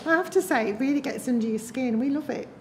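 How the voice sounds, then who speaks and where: A woman chairing a trust meeting, making brisk, friendly announcements to the room. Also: sits high, heavy background noise. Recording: hall reverb.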